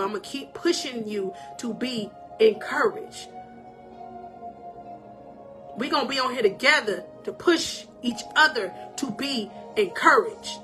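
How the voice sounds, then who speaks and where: A woman with a high, bright, forceful voice delivers a live-stream pep talk as a life coach. Her manner is animated and emotional, with frequent laughter and preacherly call-outs to her viewers. Soft music plays faintly behind her.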